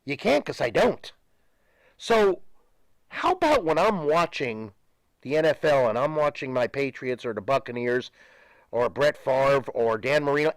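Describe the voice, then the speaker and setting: A man's voice: mid-range voice, dry recording. An older man, a retired pro wrestler, ranting emphatically and with profanity as a guest in a studio interview.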